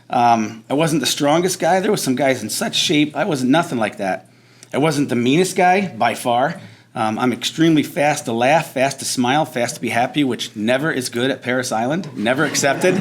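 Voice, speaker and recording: A veteran man giving a storytelling speech at a breakfast event, animated and conversational, mixing quick and slow phrasing. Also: medium pitch. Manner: animated storyteller, acts out shouted drill instructor lines. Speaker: veteran speaker. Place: banquet hall at a veterans breakfast.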